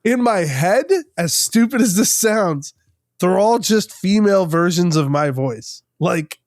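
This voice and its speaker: A man's voice: sits high, expressive, unhurried, no room sound, clean studio sound. Rambling male podcast co-host. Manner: rambling, many restarts and "like" fillers. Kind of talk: casual chat.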